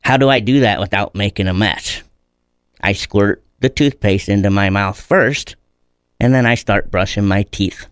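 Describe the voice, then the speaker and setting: A man's voice: on the low side, normal speed, clear, resonant tone, no room sound, studio quality. A middle-aged man, a guest in a conversational interview, telling stories in an earnest, reflective way.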